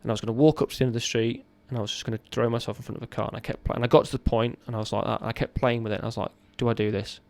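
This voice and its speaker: Brief: man, 30s, gravelly voice, candid halting storyteller, mid pitch. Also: steady tone, a little mellow. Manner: raw, earnest, halting with restarts. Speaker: podcast guest, ex-serviceman.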